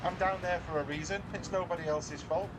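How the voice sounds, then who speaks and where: A man's voice: fairly high pitch, fairly even intonation, brisk, background noise. A middle-aged man from northern England with a Manchester accent, chatting casually and self-deprecatingly with his viewers from his garage. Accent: Mancunian. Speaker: livestreamer. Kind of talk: casual chat while racing. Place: home garage.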